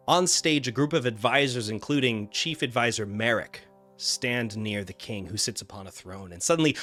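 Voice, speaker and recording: A man's voice: mid-range voice, fairly bright tone. A man narrating a tabletop game as game master in a casual manner, with many fillers.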